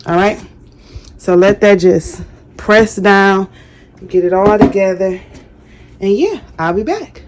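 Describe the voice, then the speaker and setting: A woman's voice: medium pitch, lively intonation, takes it slowly, long pauses. A chatty woman walks viewers through a casual craft tutorial. She talks loosely, pokes fun at herself and apologizes often, with faint room noise in the background. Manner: chatty, apologetic, self-deprecating. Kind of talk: casual how-to demonstration.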